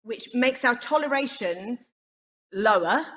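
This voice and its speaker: A woman on a parenting panel, explaining her ideas in a measured way. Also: on the high side, animated, fairly bright tone, big-room sound. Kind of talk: panel discussion.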